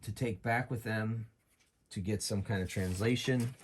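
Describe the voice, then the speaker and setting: A man's voice: lowish voice, measured pace, slight background noise. A man running and narrating his own solo tabletop game, chatting and thinking aloud about rules and dice rolls.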